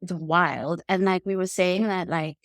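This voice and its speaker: A woman co-hosting a casual chat, relaxed, steering the talk with quick asides. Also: on the low side, no echo, studio quality. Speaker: podcast co-host.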